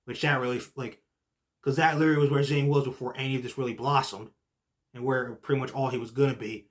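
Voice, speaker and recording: A young man hosting a casual podcast recap, excitable and full of "like" and "literally", swinging from low muttering to shouting. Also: quick pace. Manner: heavy use of filler like "like" and "literally". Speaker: podcast host.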